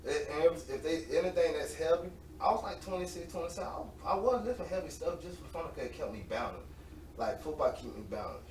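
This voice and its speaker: Guy in his late 20s telling stories, lively pitch, slangy, echoey room, mic kinda far. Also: fast talker. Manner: animated, laughs often, slangy. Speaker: interview guest, semi-pro football player. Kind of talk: casual storytelling. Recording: roomy, distant mic with faint noise.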